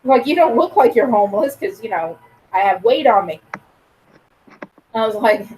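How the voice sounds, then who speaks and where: A woman's voice: fairly high pitch, animated, normal speed, darkish tone, a little hiss or hum, rough recording. A woman chatting casually, telling a blunt, crude story and acting out the dialogue. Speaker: podcast co-host. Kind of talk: casual chat.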